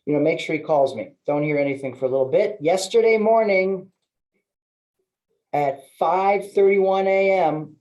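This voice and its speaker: Middle-aged man, webinar host, mellow and a bit high, animated storyteller. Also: moderate pace, poor audio. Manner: storytelling, acts out phone calls with sudden high-pitched outbursts. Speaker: webinar host, loan officer.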